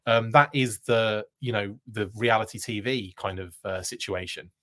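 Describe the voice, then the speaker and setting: A man's voice: fairly low pitch, moderate pace. A man hosting a live show, telling a long, rambling anecdote with frequent laughs and restarts. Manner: rambling, animated, laughing often, many restarts. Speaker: host. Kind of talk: casual storytelling on a live show.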